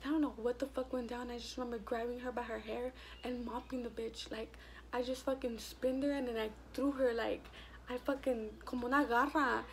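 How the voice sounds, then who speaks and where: A woman's voice: fairly high pitch, steady tone, brisk, a little hiss or hum. A young woman telling a blunt, profane storytime about school fights in a casual vlog. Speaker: vlogger.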